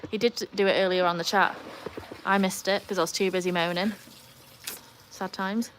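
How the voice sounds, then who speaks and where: A woman's voice: mid-range voice, steady tone, normal speed, a little hiss or hum. A woman from North Yorkshire with a Yorkshire accent, hosting a live stream and chatting casually with wry, self-mocking asides. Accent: North Yorkshire English. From North Yorkshire, England. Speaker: livestream host.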